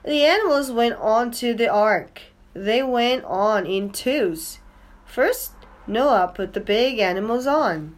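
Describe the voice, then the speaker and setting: A woman reading a children's storybook aloud, in a slow, clear and expressive way. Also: fairly high pitch. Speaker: storybook reader.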